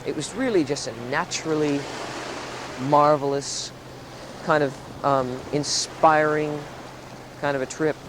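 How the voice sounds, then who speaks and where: A young man telling a story in a casual interview, lively and acting out the voices he quotes. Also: a little high, a little slow, pauses often. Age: 20s. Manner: animated, laughs often, acts out quoted voices. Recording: 1970s tape with background noise.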